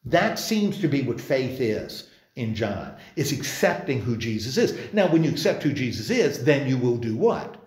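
In a church meeting room, a man leads an informal Bible study, talking conversationally and asking the group questions. His mid-range voice is sing-song, his speed normal, and he restarts often. The room sounds roomy.

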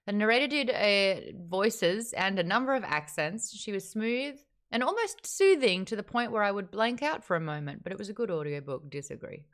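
A woman's voice: mid-range voice, big pitch swings, moderate pace, few pauses, a bit bright. A woman hosting a casual online book chat, reviewing a novel candidly and reading out viewer comments, with wry remarks and frequent laughs.

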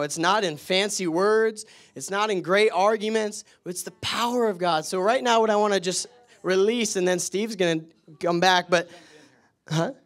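A man with a slightly higher voice preaches in church. He laughs often as he tells his stories, then turns to fervent prayer. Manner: laughs often, excited storytelling. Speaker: guest preacher. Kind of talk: sermon storytelling and prayer.

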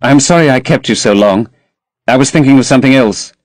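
A man voicing a tired, secretive young gentleman in an audiobook, speaking curtly. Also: mid-range voice, a little fast, no echo, voice pushed up, lightly acted. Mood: weary. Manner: tired, curt.

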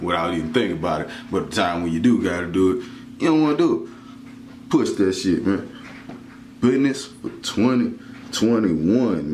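A man with a very deep voice talks in a casual, slangy vlog. His delivery is profane and motivational. The sound is roomy and echoey, with faint ambience underneath. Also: a little mellow, a little hiss or hum. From the Carolinas. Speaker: vlogger starting a business.

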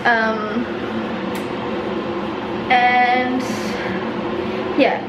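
A woman's voice: on the high side, level tone, very slow, muffled recording, heavy background noise. A young woman chatting casually in a vlog, rambling and swearing offhandedly, sounding tired. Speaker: vlogger.

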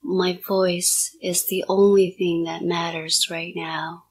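A woman hypnotist murmurs repetitive commands in a whispered role-play, her low voice staying level and close. She speaks very slowly, leaving long spaces between each soft, breathy phrase. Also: flat delivery.

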